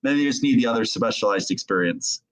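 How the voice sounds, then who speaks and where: A man's voice: mid-range voice, fast, rough recording. A man co-hosting a show, joking and laughing in casual banter. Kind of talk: casual chat.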